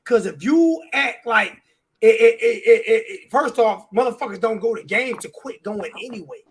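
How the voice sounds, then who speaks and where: A man's voice: very high-pitched, lively intonation, moderate pace, a little hiss or hum. A man on a sports talk show, ranting with heavy swearing and repeating his words. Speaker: show regular.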